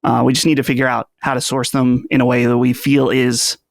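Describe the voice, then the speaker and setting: A man co-hosting a podcast in casual chat, measured and hesitant with frequent ums. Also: medium pitch, flat delivery, vocal fry, no room sound, studio quality.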